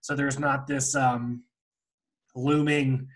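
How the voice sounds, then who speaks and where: A man co-hosting a podcast, chatting casually and animatedly about a reality show and mimicking people he talks about. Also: slow pace. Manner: animated, mimics people in high squeaky voices. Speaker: podcast co-host.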